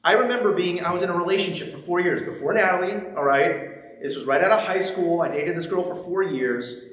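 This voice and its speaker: A man's voice: high-pitched, quick pace, fairly bright tone. A man preaching a sermon, reading scripture and then talking with the congregation in a conversational, humorous way, often checking in with them. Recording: very echoey large hall.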